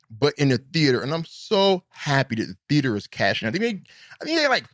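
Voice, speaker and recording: Animated, profane man hosting a podcast. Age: middle-aged. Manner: animated, profane, rambling, swings between high and low pitch. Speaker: podcast host. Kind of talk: casual solo podcast monologue.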